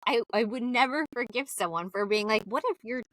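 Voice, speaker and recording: A woman's voice: on the high side, fairly quick, fairly bright tone, dry recording, studio quality. A young adult woman co-hosting a casual podcast, trading jokes and laughing often. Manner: joking banter with frequent laughs. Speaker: podcast co-host. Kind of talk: casual chat.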